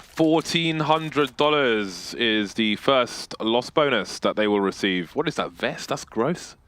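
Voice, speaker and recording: A man's voice: medium pitch, lively intonation, slow pace, fairly bright tone, no echo. A man commentating an esports match play by play, with jokes and banter between the calls.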